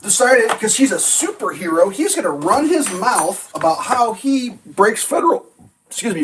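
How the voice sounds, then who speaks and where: Rambling, sarcastic home vlog host. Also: medium pitch. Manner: rambling, sarcastic, profane, laughs often. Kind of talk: casual rambling rant at breakfast. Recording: distant mic with faint noise.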